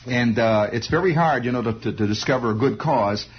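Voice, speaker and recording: A man's voice: medium pitch, brisk, slightly rough. A man telling a rambling comic monologue in a wry storytelling manner, throwing in sound effects. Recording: dull lo-fi recording.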